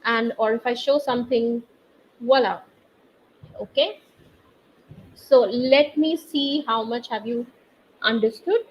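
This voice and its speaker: A woman teaching a live online French class, explaining accents slowly and quizzing her students through the chat. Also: on the high side. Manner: slow, patient, quizzes students via chat. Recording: slightly dull online class audio with faint noise.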